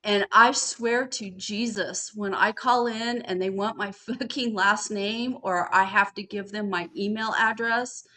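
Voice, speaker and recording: A woman's voice: mid-range voice, steady tone, measured pace, few pauses, bright, forceful tone. A woman on a podcast panel talking casually and bluntly, swearing freely as she vents. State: studying for a master's degree. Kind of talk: casual chat.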